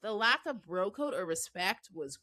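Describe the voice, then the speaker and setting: A woman's voice: mid-range voice, normal speed, a little hiss or hum. A young woman co-hosting a podcast, chatting casually about a reality show and acting out quotes in a mocking voice. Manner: animated, acts out quotes in a mocking voice. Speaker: podcast co-host. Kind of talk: casual reality TV recap chat.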